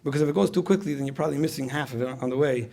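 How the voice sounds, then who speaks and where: Guy lecturing parents, gravelly voice, talks fast, keeps repeating himself. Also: medium pitch, dark tone. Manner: repeats phrases, asks the audience questions. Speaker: speaker at a parenting retreat. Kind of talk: conversational lecture.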